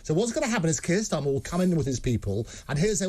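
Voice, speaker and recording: A man hosts a political talk show and gives commentary with enthusiasm. He talks fast, and his pitch moves a lot. His voice sits a little above average for a man. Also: sing-song, mellow. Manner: enthusiastic and expansive, theorising.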